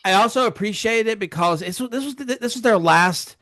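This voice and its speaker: A man's voice: sits high, moderate pace, fairly bright tone, dry recording, clean studio sound. A man co-hosting a casual film discussion, talking in an agreeable, reflective way with frequent fillers. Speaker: podcast co-host.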